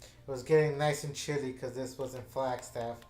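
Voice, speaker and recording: A man's voice: mid-range voice, fairly even intonation, normal speed, darkish tone, faint music behind. A man casually telling a story to his channel's viewers, rambling, with lots of fillers and restarts. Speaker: gaming channel host. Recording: echoey room.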